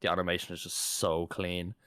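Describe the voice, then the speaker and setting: A man's voice: sits low, monotone, a little fast, pushed and bright, clean tone. A young man co-hosting a podcast in casual chat, rambling with lots of "like" and swearing freely. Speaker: podcast co-host.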